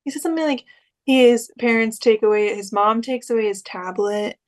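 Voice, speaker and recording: A woman's voice: on the high side, normal speed. A young woman co-hosting a podcast, telling a story in a chatty way and acting out the quoted lines. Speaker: podcast co-host. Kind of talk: casual chat.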